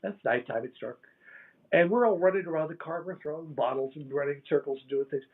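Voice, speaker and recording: Older guy, kinda high voice, animated storyteller doing little sound effects, tinny phone-line audio. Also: quick pace. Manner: animated, laughs and imitates sounds. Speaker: interview guest. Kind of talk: casual storytelling.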